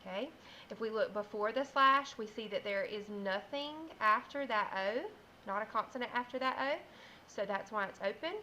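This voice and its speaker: Bright-voiced teacher sounding out letters. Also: female voice, mid-range voice, a little hiss or hum, poor audio. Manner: slow, clear, sounding out letters. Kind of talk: phonics lesson for young children.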